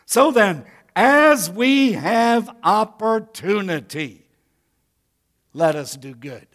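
A man's voice: high-pitched, lively intonation, very slow, fairly bright tone. A pastor preaching a sermon to his congregation, talking to them directly in a folksy way. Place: church sanctuary.

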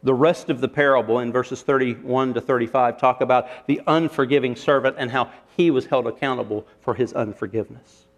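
A man's voice: mid-range voice, steady tone, brisk, few pauses. A man preaching a sermon, retelling a parable with rhetorical questions and shifting emphasis. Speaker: pastor.

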